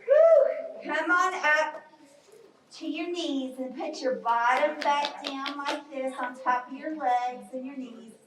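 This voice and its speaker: A woman's voice: high voice, slow pace, noisy background. A woman leading a children's yoga storytime class in a library, cheery and encouraging with small children. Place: library room. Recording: echoey room from far off.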